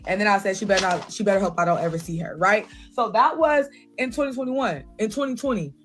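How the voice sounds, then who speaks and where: A young woman telling a personal story in a casual, blunt and profane way, with lively asides to her viewers. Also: medium pitch, quick pace, soft background music.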